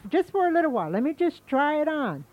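A woman's voice: high voice, sing-song, fast, no echo, lo-fi sound, voice pushed up. A woman voicing a sly, pushy male rabbit trickster in a told folktale, coaxing and wheedling.

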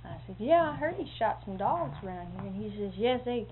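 Woman, animated storyteller, acts out voices and sound effects, highish voice, tinny narrow recording, faint hiss. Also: a little fast. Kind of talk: casual anecdote telling.

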